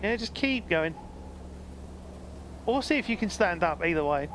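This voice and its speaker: A man streams a game, guiding a blind friend through it with easy encouragement. His voice sits a bit high and moves around a lot. There is a faint hiss under it. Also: lively intonation, normal speed, a bit bright. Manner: encouraging, chatty, reads out chat, laughs often. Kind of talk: casual game stream chat. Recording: faint background noise.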